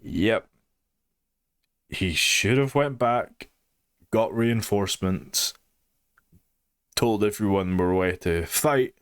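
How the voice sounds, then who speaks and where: A man's voice: on the low side, takes it slowly, pauses often, a bit bright, clear, resonant tone, no room sound, studio quality. A young man giving a blunt, sarcastic and sweary review of a TV show in a casual, opinionated way.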